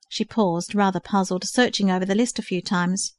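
A woman reading a story aloud in an even, clear storytelling manner. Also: medium pitch, a little fast, few pauses, no echo. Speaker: narrator. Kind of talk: audiobook narration.

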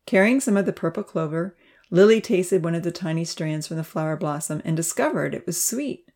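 Lady reading a kids story out loud, expressive, kinda low voice. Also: fairly quick. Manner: expressive, dramatic read-aloud. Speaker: narrator.

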